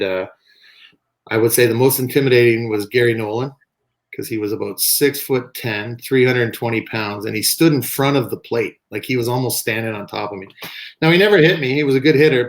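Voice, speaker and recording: Chatty man telling softball stories. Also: medium pitch, a little fast. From Canada. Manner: animated, acts out quoted voices. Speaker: guest, softball pitcher. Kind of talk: casual storytelling interview.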